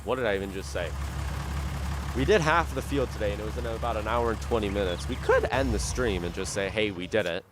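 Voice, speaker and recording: Rambling male game streamer, low voice. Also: fast talker. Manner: rambling, self-correcting, talks to viewers. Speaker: gaming streamer. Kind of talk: casual live-stream chat while playing. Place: home room with rain outside. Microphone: studio dynamic microphone, volume turned up. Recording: rain and outdoor noise behind.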